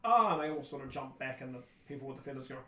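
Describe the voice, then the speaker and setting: A game master from New Zealand narrating a tabletop game in an animated way, dropping into little voices for the scene. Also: mid-range voice, very fast, roomy sound.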